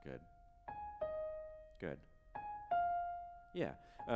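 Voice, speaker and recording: A man teaching a piano masterclass, humming and singing phrases to show the student how a passage should go, with gentle encouragement. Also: medium pitch, big pitch swings, measured pace, pauses often. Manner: sings and hums phrases to demonstrate, gentle encouraging coaching. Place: piano showroom recital space. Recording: roomy hall with piano playing. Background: piano playing.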